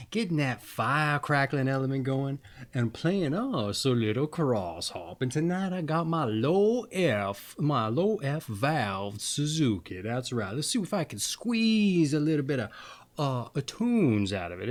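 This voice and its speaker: A man hosting a casual fairy-tale reading, easygoing and folksy in manner. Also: medium pitch. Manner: folksy, easygoing, with fillers and chuckles. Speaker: storyteller host.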